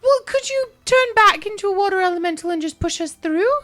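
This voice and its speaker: A woman's voice: extremely high pitch, expressive, a little fast, fairly bright tone, faint music behind, pitched above the performer's own voice. A woman voicing an anxious, devoted young woman adventurer who speaks urgently. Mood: startled.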